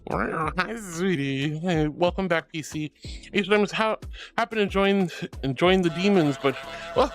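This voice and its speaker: A man's voice: sits high, a little slow. A man streaming as a VTuber, casually reading chat aloud with an affectionate, playful manner, calling viewers sweetie and honey. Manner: playful, giggly, teasing. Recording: faint music under the voice.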